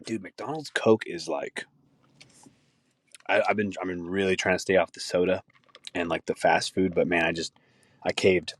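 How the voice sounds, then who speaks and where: Profane, ranting man, low voice. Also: fairly even intonation, moderate pace, long pauses. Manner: profane, ranting, laughs easily. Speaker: podcast host. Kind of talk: casual chat.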